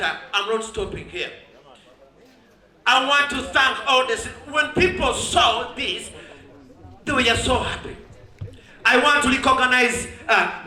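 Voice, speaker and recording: A man's voice: very high voice, bright, forceful tone. A Ugandan man giving an exuberant public thank-you speech at a ceremony, laughing often and mixing in Swahili. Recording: roomy echo.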